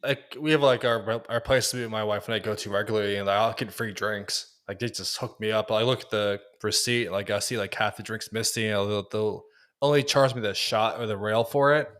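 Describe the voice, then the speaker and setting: A man co-hosting a podcast, an easygoing father chatting casually and pausing to search for words. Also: fairly low pitch, steady tone, a bit bright. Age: adult parent. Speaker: podcast co-host. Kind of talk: casual chat.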